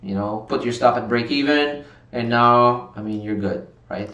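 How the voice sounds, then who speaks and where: A man's voice: medium pitch, normal speed, sharp tone. A man hosting a live trading stream in casual commentary, reading viewer chat aloud and reacting, sometimes getting worked up. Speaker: livestream trading host. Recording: roomy sound from a distant mic.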